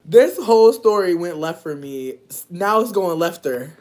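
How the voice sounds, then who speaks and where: A woman in casual livestream chat, speaking. Her pitch swings widely, and she talks in a slangy, profane way. Now and then she bursts into loud, laughing shouts. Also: expressive, normal speed. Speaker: livestream host reacting to chat.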